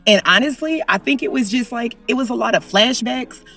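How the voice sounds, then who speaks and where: A woman vlogger giving an emphatic opinion rant, repeating lines for effect and swinging between loud and low. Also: expressive, brisk, creaky, far from the mic, faint music behind.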